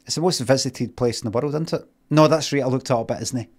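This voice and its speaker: A man's voice: mid-range voice, quick pace. A man with a Scottish accent telling a casual story on a stream. He mocks himself and argues back at himself as he talks. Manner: animated, self-mocking, argues with himself.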